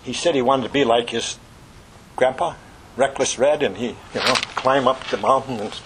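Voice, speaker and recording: A man's voice: mid-range voice, moderate pace, noisy background. A man preaching an earnest, fervent sermon that ends in prayer.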